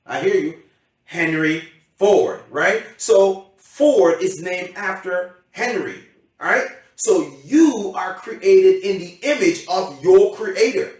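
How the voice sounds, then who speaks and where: Emphatic coach in a very echoey hall. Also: male voice, sits high. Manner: emphatic, repetitive, keeps checking the audience understands. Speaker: motivational coach. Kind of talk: motivational seminar talk. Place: seminar room. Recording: heavy echo, from a distance.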